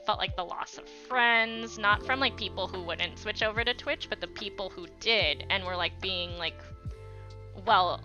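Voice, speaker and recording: With hardly any pauses, a young woman speaks at a moderate pace in a bright, forceful, mid-range voice. She's drawing on an art livestream, casually talking with viewers, thanking them by name and using lots of fillers. Faint music plays under slightly dull lo-fi stream audio.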